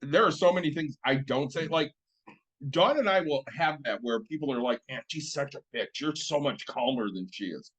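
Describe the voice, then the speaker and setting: A man's voice: a little high, animated, moderate pace, a bit bright, rough recording. A man co-hosting a casual podcast, speaking frankly and reflectively with plenty of swearing. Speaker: podcast co-host.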